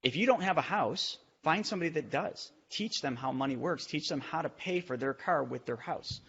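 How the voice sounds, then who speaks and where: A man on a podcast explaining money and real estate with quick, energetic talk and side tangents. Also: a little high, lo-fi sound, slight background noise. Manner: fast, energetic explaining with asides. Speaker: real estate investor and teacher. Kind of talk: podcast discussion.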